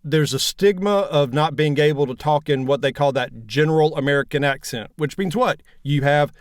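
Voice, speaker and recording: A man in his fifties speaks with a broad Southern drawl, easygoing and plainspoken as he talks about his narration work. His voice sits a little high for a man. The sound is dry and close, with no room echo. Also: a little fast. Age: 50s. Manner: relaxed, plainspoken, folksy. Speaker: audiobook narrator guest. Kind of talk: casual interview chat.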